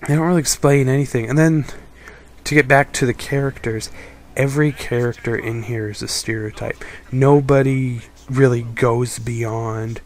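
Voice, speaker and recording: A man's voice: medium pitch, fairly even intonation, moderate pace, a little mellow. A young adult man giving a casual, critical film review, rambling and exasperated. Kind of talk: casual opinion monologue.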